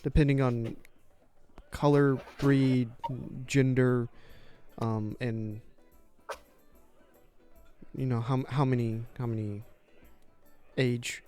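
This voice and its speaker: A man's voice: medium pitch, level tone, slow pace, long pauses, dark tone, clean tone, faint music behind, lightly acted. A man voicing a flustered adult female stable keeper who stammers and apologizes as she talks. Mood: nervous.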